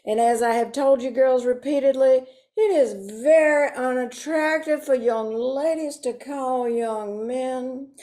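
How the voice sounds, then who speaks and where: Woman doing a prim older Sunday school teacher, fussy, lilting, high-pitched, unhurried. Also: steady tone, warm tone. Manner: lilting, prim, stagey digressions. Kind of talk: comic monologue performance.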